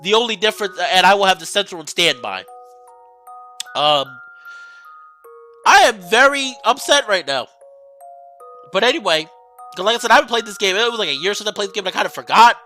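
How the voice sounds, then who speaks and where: A woman hosting a let's play, reacting to the game with excitable, exasperated outbursts. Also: mid-range voice, brisk, pauses often, faint music behind. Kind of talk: game commentary.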